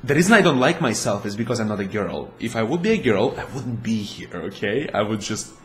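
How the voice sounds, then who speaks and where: A man's voice: on the low side, big pitch swings, a little fast, a little hiss or hum. Rambling, jokey man commenting on gameplay. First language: not English. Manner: rambling, jokey, self-mocking, repeats game lines. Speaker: let's play host.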